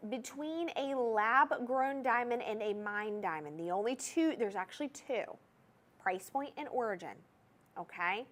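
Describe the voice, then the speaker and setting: A young woman with a Southern US accent hosts a TV jewelry shopping show, sounding bubbly, chatty, and salesy. Her voice is a little high and a bit bright, with lively intonation at a measured pace.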